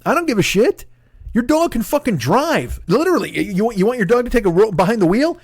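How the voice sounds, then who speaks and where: A man's voice: very high voice, quick pace, husky, no room sound, clean studio sound. A man in his forties, a comedian and podcast host, telling stories in a profane, ranting casual monologue. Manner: profane, ranting, animated storytelling.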